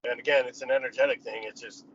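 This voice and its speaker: A man's voice: mid-range voice, fairly even intonation, fast talker, fairly bright tone. A man telling a story in casual chat, rambling and often laughing. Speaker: guest. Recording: slightly dull lo-fi sound, faint noise.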